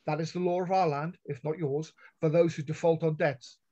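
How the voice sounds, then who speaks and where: A man voicing a bold young noblewoman who speaks in a high, clear, firm voice while reading a story aloud. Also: steady tone, moderate pace, mellow, close to an everyday voice. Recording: dull lo-fi online call audio.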